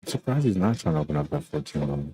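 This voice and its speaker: A man doing relaxed, chatty play-by-play commentary on a live pool stream, often tagging his lines with "man.". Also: rumbling low, very fast. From Canada.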